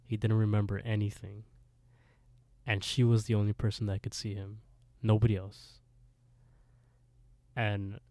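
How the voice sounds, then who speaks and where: A low, mellow-voiced man co-hosts a podcast and recaps an episode in casual chat, retelling the plot with quoted dialogue. He's animated, switching between the characters' lines and laughing often, on a dry recording.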